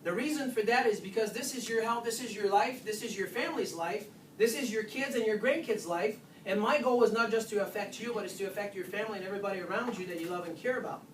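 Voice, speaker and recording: Clinic doctor leading a workshop, animated and chatty; distant, roomy recording with faint hiss. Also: medium pitch, fast talker, few pauses. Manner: animated, keeps asking "guess what?". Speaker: chiropractor giving a nutrition workshop. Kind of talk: informal workshop talk to patients.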